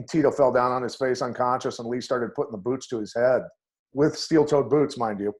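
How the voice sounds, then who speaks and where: A middle-aged man speaks as a podcast guest, at an ordinary pitch for a man. He tells his fight stories bluntly and with animation, leaning into the action. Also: normal speed. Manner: blunt and animated, acts out voices in his anecdotes. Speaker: guest, MMA coach. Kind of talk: storytelling on a podcast interview.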